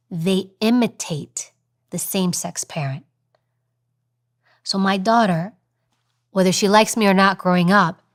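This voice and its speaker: A woman as an interview guest giving conversational advice, emphatic and animated, often repeating a phrase for weight. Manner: animated, acts out examples in a high voice. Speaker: interview guest, former security agent.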